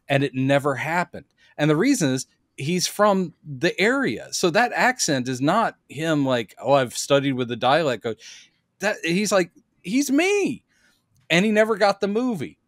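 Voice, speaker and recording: Animated man in casual podcast chat. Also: no echo, studio quality. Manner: animated, acts out quotes in high put-on voices. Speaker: podcast co-host.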